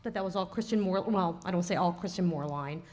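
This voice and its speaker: A woman co-hosting a relaxed podcast, recorded live at a bar. She is chatty and teasing, with frequent laughter. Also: lowish voice, a little fast. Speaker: podcast co-host. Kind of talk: casual chat.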